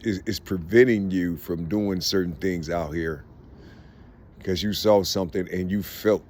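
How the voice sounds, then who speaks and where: A middle-aged man talking in a casual, halting monologue, full of fillers and repeated "you see", swearing freely. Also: low-pitched, slight background noise. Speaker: vlogger.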